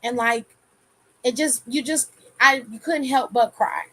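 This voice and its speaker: High-voiced swearing woman host. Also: unhurried, bright, forceful tone. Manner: candid, swears freely, laughs often. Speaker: aftershow host reading chat. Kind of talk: casual livestream chat.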